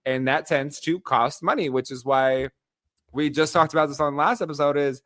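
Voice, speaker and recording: This American man co-hosts a casual podcast over a remote call, laughing easily and drawing out his greetings. His voice sits a little higher than usual, and the sound is dry and close with no room echo. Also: steady tone, a bit bright. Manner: giggly, playful, drawn-out greetings. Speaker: podcast co-host. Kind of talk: casual chat.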